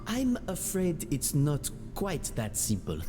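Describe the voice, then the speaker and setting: An actor playing a courteous male hotel manager in a game, speaking in a polite, measured, formal way. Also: a little high, huge pitch swings, dark tone, heavily acted. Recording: game audio with reverb and music.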